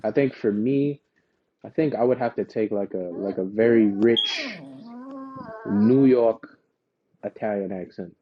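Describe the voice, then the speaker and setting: A man's voice: fairly low pitch, big pitch swings, measured pace, pauses often, muffled recording, crowd noise. A man co-hosting a podcast, talking casually in a rambling way with lots of fillers and restarts. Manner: laid-back, rambling with many fillers and restarts. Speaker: podcast co-host. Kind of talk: casual chat.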